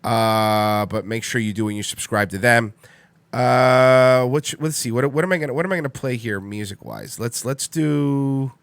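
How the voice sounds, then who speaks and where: A man in his thirties hosts a livestream radio show, rambling through casual solo chat, repeating himself and swearing bluntly. His voice is medium-pitched and the recording is dry.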